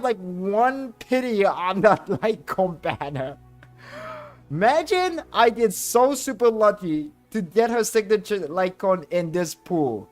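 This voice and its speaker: A young man streaming a game, chatting casually with viewers and exclaiming excitedly over his luck. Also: high-pitched. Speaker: VTuber streamer. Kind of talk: casual livestream chat while playing.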